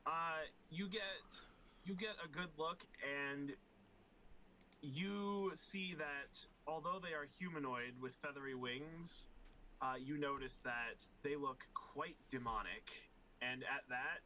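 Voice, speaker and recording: A man's voice: fairly high pitch, slow pace, sharp tone, slight background noise, low-quality recording. A man narrating a tabletop game as game master over a voice call, laid-back and hesitant, with frequent fillers and laughs.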